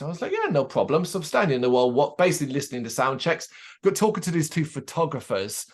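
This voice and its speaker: A man co-hosting a casual chat show, telling an animated anecdote and acting out the people in it, swearing freely. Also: fairly high pitch, fast talker. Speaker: podcast co-host.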